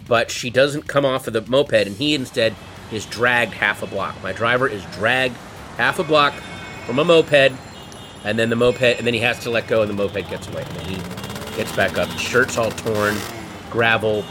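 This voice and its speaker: A man spins a comic anecdote with wry, animated delivery. His voice sits in a middle register. Guitar music plays clearly underneath. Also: mid-range voice, measured pace. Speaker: storyteller. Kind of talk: comedic storytelling.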